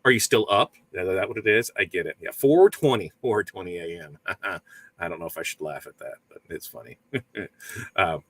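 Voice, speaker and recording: A middle-aged man hosting a casual live morning show from a small print shop, energetic and upbeat, greeting viewers by name. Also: sits low, normal speed, slightly rough, dry recording. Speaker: livestream host.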